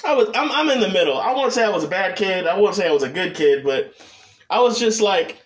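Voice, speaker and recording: High-voiced man rambling with constant cursing. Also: animated, a little fast. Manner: rambling, heavy cursing, restarts. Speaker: podcast host. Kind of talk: solo casual chat.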